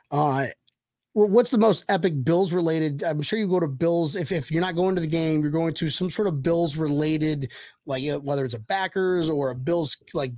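Crude, joking co-host, man, a bit high-pitched, dry close recording. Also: darkish tone, no echo. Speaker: podcast co-host. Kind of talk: casual podcast chat.

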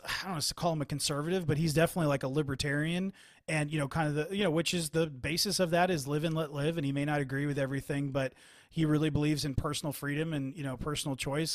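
A man co-hosting a casual sports chat, talking in animated bursts with frequent restarts. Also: on the high side, dry recording, clean studio sound. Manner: animated, quotes others, many restarts.

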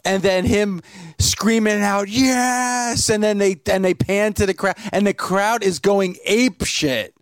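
A man co-hosting a podcast, lively as he tells a story. His voice sits fairly high. The room sound is dry. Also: a little slow, few pauses, no room sound. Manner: animated storyteller. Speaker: podcast co-host. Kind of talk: casual chat.

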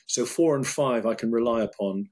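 A middle-aged British man, a urologist, talking things over in an interview, thoughtful and halting, with many restarts. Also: mid-range voice, darkish tone. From United Kingdom. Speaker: urologist guest. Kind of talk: interview conversation.

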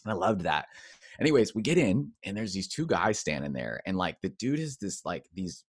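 A man with a low-pitched voice tells his personal story in a candid, conversational way. He is animated and slips into the voices of the people he quotes. The sound is dry and close. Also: moderate pace, husky, no room sound. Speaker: podcast guest.

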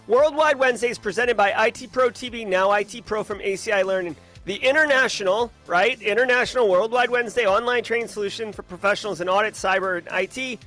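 A man hosting a live stream, casually chatting and giving energetic, playful shout-outs to viewers. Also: sits high, quick pace, few pauses, faint music behind. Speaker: livestream host.

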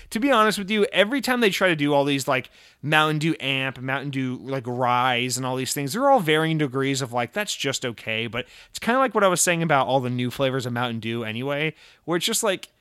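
A man hosting a casual podcast, talking in a loose, profane way that swings from loud excited rants down to low mumbled asides. His voice sits at an ordinary middle pitch. It is recorded close and dry, with almost no room sound. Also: a little fast, clear, resonant tone, no echo. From Massachusetts. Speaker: podcast host. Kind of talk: casual chat.

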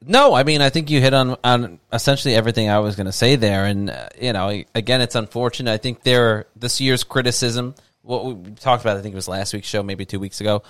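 A man co-hosting a sports talk stream, speaking in a measured, thoughtful way with some hesitations. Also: medium pitch, a bit bright, smooth, no echo. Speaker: podcast co-host.

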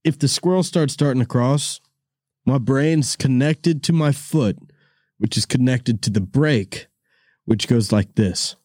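Unhurried and a little mellow, a medium-pitched man rambles through casual stories on his podcast, swearing freely, laughing frequently, and addressing people as "dude" in a laid-back way. He's recorded in a studio room on a corded mic, with studio quality and no room sound.

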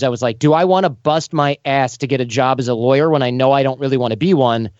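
A man in an interview, telling lively stories and acting out the voices of the people in them. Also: mid-range voice, no echo, highs cut off. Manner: animated, acts out quoted voices. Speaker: podcast host as guest. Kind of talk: casual storytelling interview.

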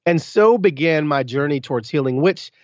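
A man with a voice pitched a touch high speaks candidly as a podcast guest. His delivery is animated and full of restarts, with emphatic bursts that rise in pitch. The sound is dry and a little dull, as if from a modest mic in a close room. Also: moderate pace, no echo. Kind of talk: candid interview storytelling.

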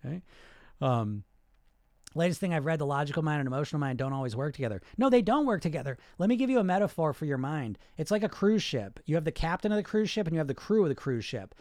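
A man's voice: on the high side, lively intonation, fast talker, darkish tone, no room sound, studio quality. A man coaching on weight loss in a live podcast monologue, blunt and profane, acting out the inner voices he talks about.

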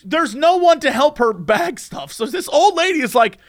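A man in casual chat, telling an anecdote in an animated way with quick asides and chuckles. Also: very high-pitched.

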